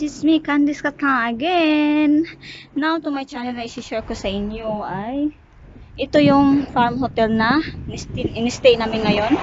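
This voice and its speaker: Woman, high voice, slow and chatty, giggly, muffled handheld sound, loud outdoor noise. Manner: chatty, giggly, coos at animals. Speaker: vlogger. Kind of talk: casual vlog chat mixing English and Filipino. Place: outdoors on a farm.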